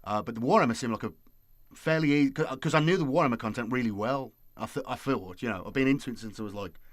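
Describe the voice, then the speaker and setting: A man's voice: mid-range voice, fast, no room sound, clean studio sound. A man hosting his channel, chatting casually and rambling with lots of fillers. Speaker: YouTube host. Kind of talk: casual late-night chat.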